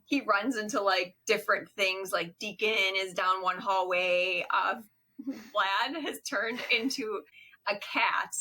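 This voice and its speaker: A young woman co-hosting a podcast, her voice bright and crisp at a middling pitch. She retells scenes in casual chat, laughing as she acts out characters' lines in sudden high bursts. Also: slow pace. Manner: storytelling, laughs while acting out quotes in high squeaky bursts. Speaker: podcast co-host. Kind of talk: casual chat recapping a film.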